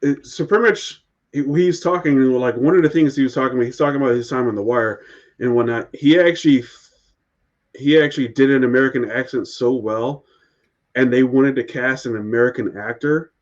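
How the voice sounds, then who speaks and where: Casting note: man, podcast co-host, animated storyteller, slightly muffled lo-fi sound. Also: mid-range voice, brisk. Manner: animated anecdote-telling, laughs often. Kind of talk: casual chat.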